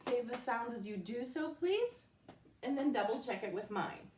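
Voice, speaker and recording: A woman's voice: a little high, animated, normal speed, a little mellow, recorded from a distance. A woman teaching a recorded spelling lesson at home, patiently sounding out words letter by letter. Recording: echoey room, voice off-mic.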